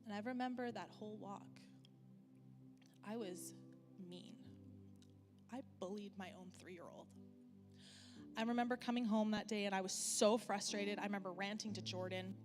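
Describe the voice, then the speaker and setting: A woman, preaching a sermon as a candid, conversational personal story, with many fillers and slower stretches for emphasis. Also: mid-range voice, steady tone. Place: church hall. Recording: church hall reverb with music.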